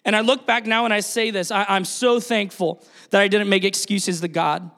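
Man, pastor, sermon, high voice, energetic, asks the crowd questions, long hall echo. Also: moderate pace.

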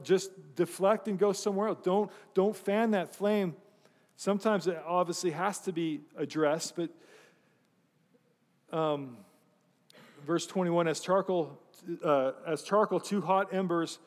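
A man's voice: high-pitched, unhurried, pauses often, in a large hall. A man preaching a sermon, telling a story with self-deprecating humor and asking his congregation questions. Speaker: pastor.

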